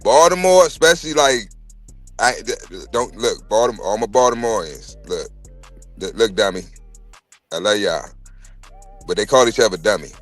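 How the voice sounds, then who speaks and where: A man's voice: lowish voice, lively intonation, normal speed, pauses often, soft background music. A middle-aged man hosting a casual livestream chat, ranting animatedly with lots of swearing and restarts. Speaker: podcast host.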